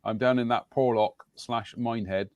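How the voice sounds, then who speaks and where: A man hosting a casual live-stream chat from a home studio, his voice a bit croaky tonight, talking in a rambling, jokey way. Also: medium pitch, fairly even intonation, moderate pace, no room sound, dull audio. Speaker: host.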